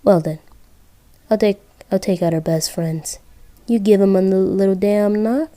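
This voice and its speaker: A woman's voice: medium pitch, fairly even intonation, measured pace, mellow, lightly acted. A woman voicing a foul-mouthed, scheming male killer doll who swears and eggs the listener on. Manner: crude, swearing, egging on.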